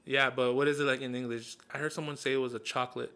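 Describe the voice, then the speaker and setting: A man's voice: mid-range voice, flat delivery, quick pace, bright, forceful tone. A man hosting a casual interview, joking loosely, swearing and dropping in Spanish words. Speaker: podcast host.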